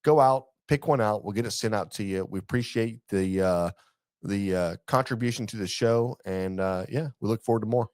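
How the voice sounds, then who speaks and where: A man's voice: fairly low pitch, normal speed, a little mellow, no echo, clean studio sound. A man co-hosting a barbecue podcast in casual chat, joking, rambling and laughing often. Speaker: podcast co-host.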